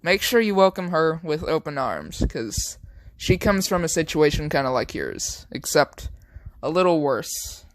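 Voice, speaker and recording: A man's voice: fairly high pitch, big pitch swings, unhurried, no echo, studio quality. A man doing a wry army general. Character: gruff older male army general.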